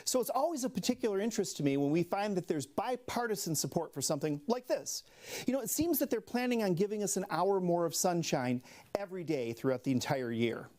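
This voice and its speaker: A man with an Upper Midwest American accent runs a local talk show's comedy monologue. His pitch rises and falls a lot as he sets up jokes, and he laughs softly at his own punchlines. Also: animated, a little fast. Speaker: late-night comedy host.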